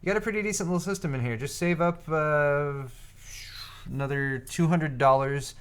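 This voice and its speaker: A man's voice: a little high, normal speed, clean tone. A young man co-hosting a live computer hardware show, chatting casually, giving advice and teasing his co-host. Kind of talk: casual live-stream banter.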